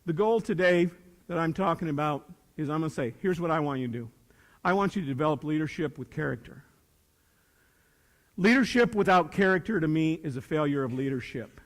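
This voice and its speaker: A man's voice: sits high, fairly bright tone. A middle-aged man giving a folksy, joking motivational speech to a hall of students, asking the crowd questions. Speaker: speaker at a student leadership academy. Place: large hall with a student audience. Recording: long hall reverb.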